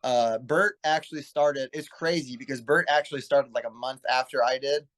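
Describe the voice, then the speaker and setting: A young man in his twenties talks as a guest on an interview show, earnest and rambling, restarting sentences as he goes. His voice sits at an ordinary pitch for a man. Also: moderate pace, fairly bright tone. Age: 20s. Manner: earnest, rambling, self-correcting. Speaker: guest, pro wrestler. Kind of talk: casual interview storytelling.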